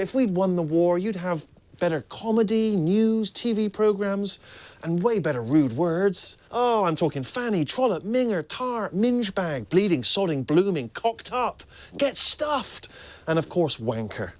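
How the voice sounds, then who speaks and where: A man's voice: high voice, no room sound. An actor with a British accent playing a cheeky British man who sardonically teases Americans in a comedic ad monologue. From Britain. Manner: sardonic, teasing, lively delivery. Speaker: actor in a beer commercial.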